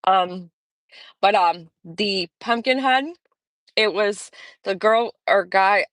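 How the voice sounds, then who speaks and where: A woman's voice: medium pitch, fairly bright tone, no echo, clean studio sound. A woman hosting a casual live stream, chatting in a rambling way and greeting viewers by name. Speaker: livestream host.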